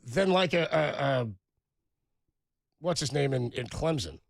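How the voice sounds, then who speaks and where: A man's voice: medium pitch, expressive, unhurried, gravelly, no echo, studio quality. A man co-hosting a sports radio show, chatting in a loose, joking way. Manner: laughs often, loose and joking. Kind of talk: casual sports talk.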